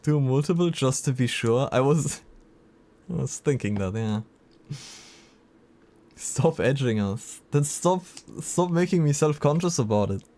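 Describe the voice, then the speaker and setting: A man's voice: medium pitch, animated, measured pace, pauses often, dark tone. Chatty man streaming live. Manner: chatty, reacts to chat messages. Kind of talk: casual livestream chat.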